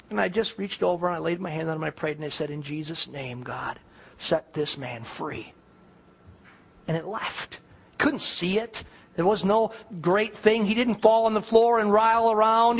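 Male pastor, high for a man, earnest storytelling sermon delivery. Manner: earnest, storytelling preacher, addresses congregation directly.

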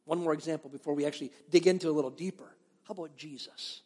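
High-voiced pastor preaching in a reverberant hall. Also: male voice, fast. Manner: animated storytelling, acting out biblical voices, dropping to near-whispers. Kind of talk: sermon.

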